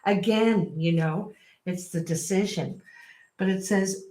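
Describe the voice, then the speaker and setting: A woman's voice: medium pitch, takes it slowly, mellow. Woman doing a laid-back tarot reading, chatty, laughs a lot, echoey room. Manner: chatty, apologetic, laughs often. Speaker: tarot reader.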